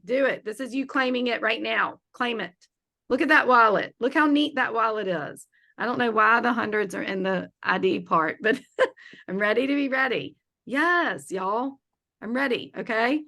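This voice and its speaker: A woman's voice: a little high, normal speed, vocal fry, bright, forceful tone. A woman teaching a live online feng shui class, upbeat and chatty as she coaxes her students along.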